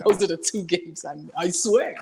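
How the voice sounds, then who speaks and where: A man co-hosting a casual sports podcast, talking in an animated way and laughing often. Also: sits high, measured pace, noisy background. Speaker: podcast co-host.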